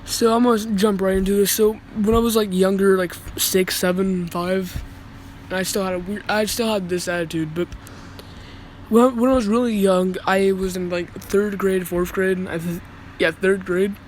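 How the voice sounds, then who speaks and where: A man's voice: high voice, fairly even intonation, moderate pace, slight background noise. A young man telling a casual story, rambling and swearing, with many restarts. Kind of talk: casual story time vlog.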